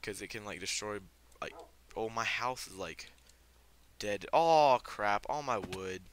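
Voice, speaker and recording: A man's voice: lowish voice, measured pace, slight background noise. A young man giving casual, filler-heavy gameplay commentary, given to startled outbursts. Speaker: let's play gamer.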